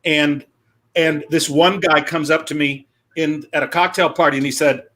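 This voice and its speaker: A male comedian on a video call, telling stories in a lively chatty way with quick asides. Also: fairly high pitch. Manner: animated, quick asides, acts out quoted voices. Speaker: comedian guest. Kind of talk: casual comic storytelling.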